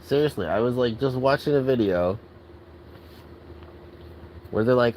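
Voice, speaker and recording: A man's voice: mid-range voice, sing-song, a little slow, long pauses, darkish tone, slight background noise, poor audio. A man ranting angrily and profanely in a casual vlog, exasperated and full of filler words. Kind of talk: angry rant.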